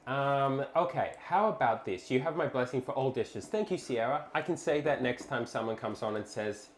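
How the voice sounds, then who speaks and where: A man's voice: mid-range voice, animated, normal speed, hardly any pauses, a little hiss or hum. A man co-hosting a live cooking stream from a small home kitchen, chatting casually, laughing often and reading out viewer messages. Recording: roomy kitchen with faint ambience.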